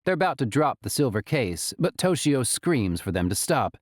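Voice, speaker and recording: A man narrating an audiobook in an expressive, dramatic way. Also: medium pitch, normal speed, no echo, clean studio sound.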